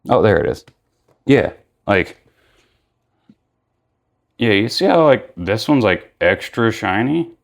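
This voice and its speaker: A man with a slightly low voice talks through a toy unboxing in a loose, rambling way. He sounds tired, filling gaps with "like" and correcting himself as he goes. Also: very animated, slow, creaky, long pauses. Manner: rambling, filler-heavy, self-correcting. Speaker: toy reviewer. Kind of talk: casual unboxing vlog.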